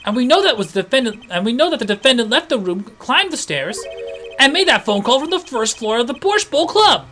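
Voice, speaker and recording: A woman voicing a confident young male defense lawyer who delivers forceful, accusing courtroom lines. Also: a little high, very animated, a little fast, faint music behind.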